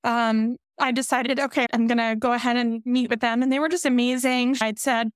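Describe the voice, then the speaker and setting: A woman's voice: a little high, a little fast, clear, resonant tone, dry recording, clean studio sound. Candid woman telling her birth story. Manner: candid, emotional, animated quoting of others. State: pregnant. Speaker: podcast guest. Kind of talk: emotional personal storytelling.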